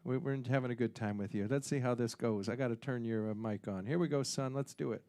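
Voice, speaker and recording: A man hosting a live showroom music show, joking with the crowd in comic patter and swooping up in pitch on punchlines. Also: fast talker, dark tone. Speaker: show host and singer.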